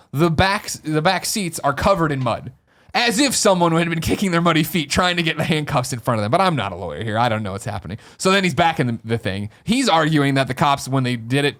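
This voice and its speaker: Lively quick man telling wry stories. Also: a little high. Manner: rambling, wry anecdote teller. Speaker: podcast co-host. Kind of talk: casual chat.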